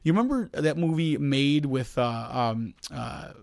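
A man in his thirties with a Chicago accent tells a long, rambling story on a podcast and slips into quoted voices along the way. His voice sits at a middle pitch and is recorded dry and close, with no room sound. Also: lively intonation, measured pace, vocal fry, dry recording. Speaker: podcast co-host. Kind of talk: casual chat, storytelling.

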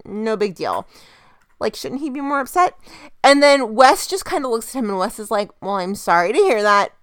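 A young woman casually recapping a TV episode as a podcast co-host, telling the plot in an animated, chatty way. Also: mid-range voice, smooth, dry recording, clean studio sound. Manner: chatty, animated retelling with quoted voices. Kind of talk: casual chat.

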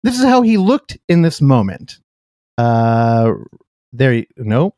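A man's voice: medium pitch, very animated, slow, warm tone, dry recording, studio quality. A man hosting a casual film podcast, chatting loosely, laughing often and interrupting himself. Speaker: podcast host. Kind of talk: casual podcast chat about films.

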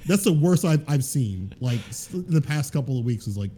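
Dark-voiced man rambling earnestly. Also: mid-range voice, lively intonation, brisk, a little hiss or hum. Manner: rambling, filler-heavy, earnest. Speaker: guest fighting game commentator. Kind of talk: casual podcast chat.

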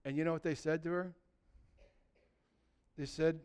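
A male pastor delivers a sermon in an animated, conversational way, asking many rhetorical questions and moving between loud emphasis and hushed tones. His voice sits on the high side, with a moderate pace, frequent pauses, and a smooth sound.

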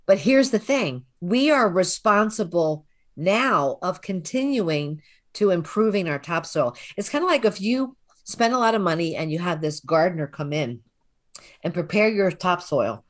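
A woman's voice: lowish voice, animated, measured pace. A woman co-hosting a Bible study, speaking reflectively and explaining ideas through everyday comparisons. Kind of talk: conversational Bible study discussion.

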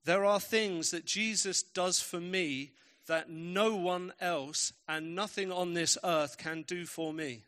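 A man's voice: high voice, fairly even intonation, slow, hardly any pauses, fairly bright tone. A man preaching a sermon, telling stories with emphatic, varied pacing.

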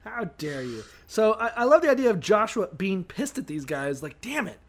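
A man's voice: sits high, sing-song, normal speed. A man co-hosting a casual comedic chat, swearing freely and acting out lines from a Bible story. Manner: profane, jokey, acts out voices. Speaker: podcast co-host.

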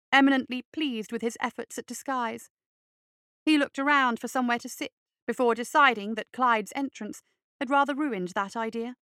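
A woman narrating an audiobook in a measured, wry storytelling manner. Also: fairly high pitch, pushed and bright, smooth, no echo, clean studio sound.

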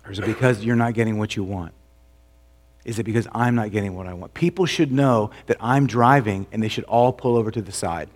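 Man preaching a conversational sermon. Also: a little fast. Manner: conversational preaching with rhetorical questions; drops to a soft, low voice for emphasis. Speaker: pastor.

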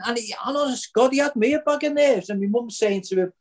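An older man with a Liverpool accent hosts a football podcast. He tells a long anecdote in a lively, conversational way. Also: very high voice, fast talker. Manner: animated storyteller. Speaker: podcast host. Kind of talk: casual chat, storytelling.

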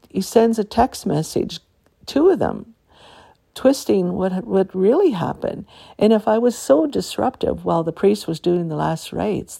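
A woman's voice: mid-range voice, vocal fry, mellow, slightly rough. An older woman from Canada talking in a rambling, aggrieved personal monologue with many restarts.

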